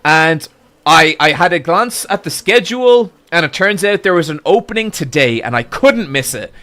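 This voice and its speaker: A man with a fairly high, bright voice recounts a chaotic story to his stream chat. He is profane and exasperated. He builds to loud outbursts as the tale goes on. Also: animated, moderate pace. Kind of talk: animated storytelling to a live chat.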